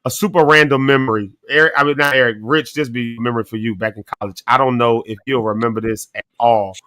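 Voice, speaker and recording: Bright, playful male show host. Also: mid-range voice, steady tone, fast talker. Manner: laughs often, playful. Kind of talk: casual chat.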